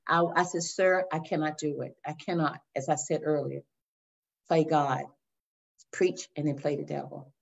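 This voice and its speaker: An older woman minister sharing her testimony in a faith interview, telling it with lively storytelling and acting out the voices. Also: low-pitched, moderate pace, gravelly. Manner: animated storytelling, acts out voices, addresses listeners as y'all. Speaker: guest minister. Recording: dull lo-fi sound.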